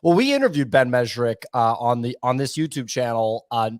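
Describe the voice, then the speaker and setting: A man's voice: mid-range voice, big pitch swings, a little fast, dry recording, studio quality. A man hosting a podcast in casual chat, rambling and chatty, often turning questions to his co-hosts. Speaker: podcast host.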